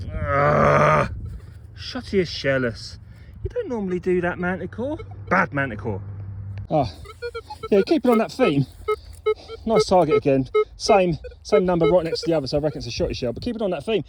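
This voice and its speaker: Male vlogger outdoors, animated, playful running commentary. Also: fairly high pitch, slight background noise. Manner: chatty, playful, teasing finds and mock-insulting them. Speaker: metal detecting vlogger. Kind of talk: casual talk to camera while detecting. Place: outdoors in a field.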